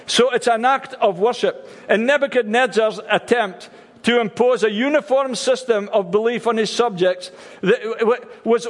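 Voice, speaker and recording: A man preaching a sermon for an online service, halting and repeating words with wry asides. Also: sits high, in a large hall. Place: church service streamed online.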